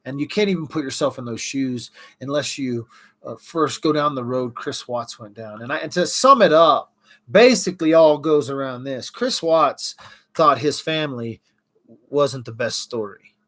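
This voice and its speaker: A man's voice: medium pitch, animated, normal speed, sharp tone. Man, middle-aged, livestream host, casual chatter, answers viewer comments.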